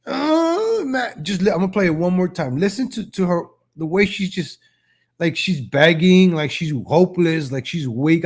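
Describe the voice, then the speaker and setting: High-pitched mocking streaming man. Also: a little mellow. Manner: mocking, rambling, with frequent restarts. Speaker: live-stream political commentator. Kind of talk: casual live-stream commentary.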